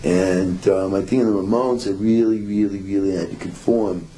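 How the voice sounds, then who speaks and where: A band member reflecting thoughtfully in a documentary interview. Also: male voice, sits low, fairly even intonation, normal speed, dark tone, a little hiss or hum, rough recording.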